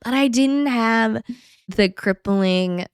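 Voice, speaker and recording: Young woman guest on a podcast, animated storyteller, acts out quotes with laughs, dry close mic. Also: on the high side, slow pace, clean tone, no room sound. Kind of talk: candid storytelling chat.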